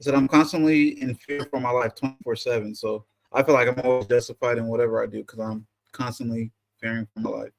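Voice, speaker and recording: Gravelly, flat-voiced man co-hosting. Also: mid-range voice, a little fast, hardly any pauses, poor audio. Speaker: co-host. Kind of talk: casual chat.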